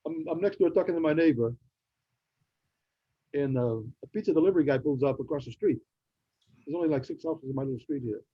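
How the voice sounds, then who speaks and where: Man, podcast co-host, quick husky delivery, higher voice, dull lo-fi recording. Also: no echo. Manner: animated anecdote teller, mock-indignant punchlines. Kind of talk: casual storytelling chat. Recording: dull lo-fi sound.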